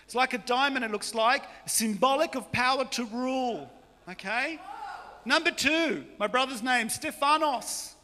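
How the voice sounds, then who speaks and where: A high-pitched, bright-toned Australian man preaching in a large church hall. He jokes and often shouts as he preaches, and his voice rings out with a long reverb. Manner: joking, animated, often shouting. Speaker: pastor. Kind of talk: lively preaching sermon.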